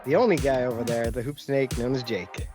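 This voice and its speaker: A man's voice: mid-range voice, a little fast, over music. A man co-hosting a podcast, telling rambling stories in casual chat and laughing often. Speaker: podcast co-host.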